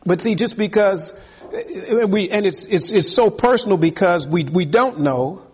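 A man's voice: high voice, expressive, a little slow, husky, long reverb tail. A male pastor delivering an earnest sermon full of repeated rhetorical questions, in a church.

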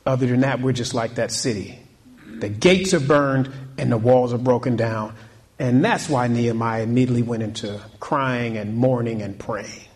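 Speaking at a moderate pace in a slightly mellow mid-range voice, a pastor delivers a sermon. His preaching builds in intensity through repetition of key points, and he questions the congregation and calls out amen.

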